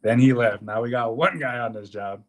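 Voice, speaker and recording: A young man co-hosting a podcast, telling a work story in a casual, animated way, swearing often and acting out what people said. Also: medium pitch, moderate pace. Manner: animated, profane, swears often, acts out quotes. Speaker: podcast co-host.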